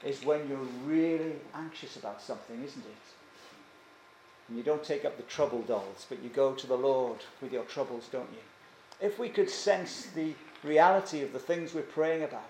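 A man's voice: a little high, darkish tone, slight background noise. A man preaching a sermon earnestly, often asking his listeners questions. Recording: echoey church room, faint ambience.

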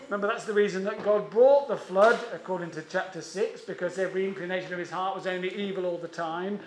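High-voiced man preaching in an echoey room. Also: a little hiss or hum. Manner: measured, emphatic, drawn-out stresses. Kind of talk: sermon.

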